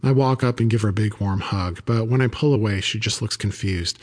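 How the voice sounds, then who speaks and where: Low-voiced male audiobook narrator. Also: fairly quick, hardly any pauses, breathy edge. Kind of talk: scripted first-person narration.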